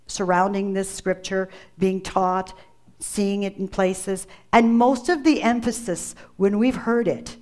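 A woman's voice: on the high side, a little mellow. A woman preacher delivering a sermon, emphatic, repeating key phrases and calling on listeners by name.

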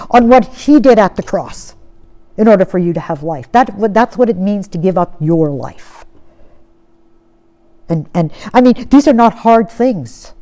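A woman preaching a sermon in an earnest way. She poses rhetorical questions and often sinks to a soft tone. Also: a little high.

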